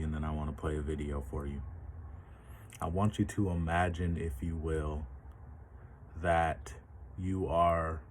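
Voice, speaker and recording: Very deep-voiced man musing aloud. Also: a little hiss or hum. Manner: measured, poses rhetorical questions. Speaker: commentator. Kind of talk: reflective monologue to camera.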